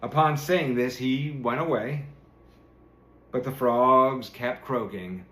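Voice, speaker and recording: A man's voice: mid-range voice, slow, a bit bright. Man reading a fairy tale aloud. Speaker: storyteller. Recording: roomy echo.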